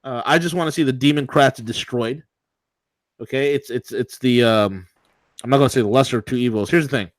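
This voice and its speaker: A man's voice: mid-range voice, brisk, dry recording. Ranting sarcastic guy on a talk show, mid voice, dry close mic. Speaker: co-host of political talk show. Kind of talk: opinionated political talk.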